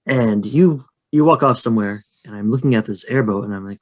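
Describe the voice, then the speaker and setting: A man's voice: fairly low pitch, fairly quick. A man co-hosting a podcast, casually narrating his moves in a tabletop role-play and joking in a chatty, rambling way. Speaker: podcast co-host and player.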